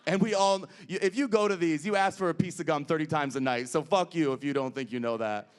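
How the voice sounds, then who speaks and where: A man's voice: fairly high pitch, quick pace, clear, resonant tone. A man performing drag stand-up comedy on a club stage, crude and brash in his crowd work.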